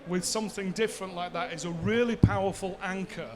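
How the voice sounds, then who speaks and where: A man's voice: sits high, steady tone, a little fast, crowd noise. A man, giving a conversational conference talk and answering his own rhetorical questions. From Bradford, England. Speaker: seminar speaker.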